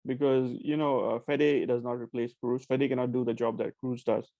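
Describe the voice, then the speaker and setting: A man's voice: mid-range voice, flat delivery, normal speed, gravelly, mellow, no echo. A man hosting a casual football podcast, hedging his points with plenty of "I think" and fillers. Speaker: podcast host.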